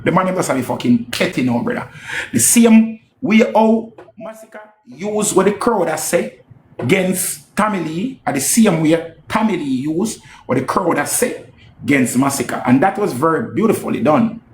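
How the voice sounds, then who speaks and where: A man with a Jamaican accent giving casual, animated reaction commentary on a live stream, repeating himself and swearing as he slips into patois. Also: fairly high pitch, normal speed, roomy sound, a little hiss or hum. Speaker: music commentator.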